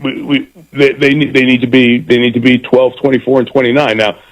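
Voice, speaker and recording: Here a middle-aged man, a football broadcaster by trade, is being interviewed on radio and chats with lively energy, repeating words as he launches into ideas. His pitch is medium, his delivery brisk, and the recording low quality.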